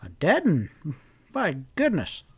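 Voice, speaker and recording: A man's voice: a little high, animated. A man reading aloud and voicing an eager, helpful male townsman. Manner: eager, a little slow.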